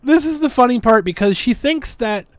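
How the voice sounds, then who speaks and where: A woman's voice: fairly high pitch, expressive, moderate pace, no room sound. A woman hosting a podcast, ranting in a sarcastic, defiant way as she comments casually. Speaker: podcast host.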